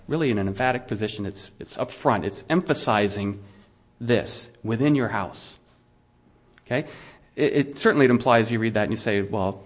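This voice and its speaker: A middle-aged male pastor preaching a sermon in a conversational way, asking his listeners questions and often restarting his words. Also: mid-range voice. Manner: frequent restarts and repeated words.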